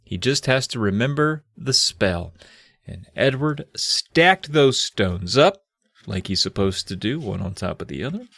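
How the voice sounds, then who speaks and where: A man's voice: mid-range voice, animated, a little slow, creaky, fairly bright tone, slightly rough, dry recording, clean studio sound. A man co-hosting a comedy podcast, retelling and reading a children's book in a loose, profane way with many fillers. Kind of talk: casual comedic storytelling and reading.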